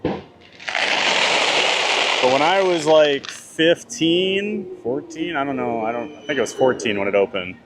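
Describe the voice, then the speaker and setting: Heavy background noise surrounds a theme park vlogger streaming live outdoors at the park. His voice is fairly high and unhurried, with long pauses, as he casually reads out and answers comments from his chat.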